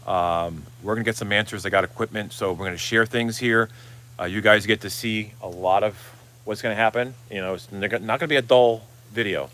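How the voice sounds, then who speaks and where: A man's voice: on the low side, fairly even intonation, brisk, a bit bright. A middle-aged man hosting a casual live stream, rambling, swearing freely and reading out viewer comments. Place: Florida, outdoors.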